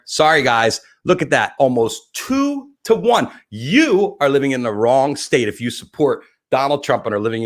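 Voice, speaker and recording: A man hosting a live stream, rambling through election numbers with profane jokes and thinking out loud. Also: mid-range voice. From New Jersey. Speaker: livestream host. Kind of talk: casual election commentary.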